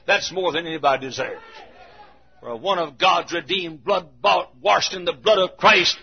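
A man's voice: sits high, moderate pace, creaky, breathy edge. A man preaching a sermon in a church with an emphatic, repetitive cadence. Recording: muffled lo-fi recording.

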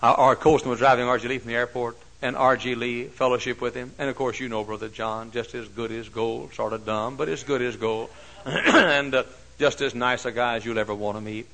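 A pastor preaching a sermon, moving from hushed storytelling to loud, shouted climaxes. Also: male voice, mid-range voice, steady tone, a little fast, rough recording.

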